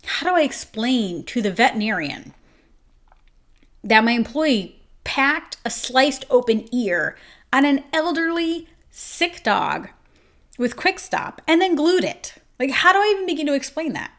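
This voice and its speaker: With a fairly high-pitched, fairly bright voice, this grooming salon owner and host recounts a story casually and emotionally. She jumps quickly between moments and says "like" constantly.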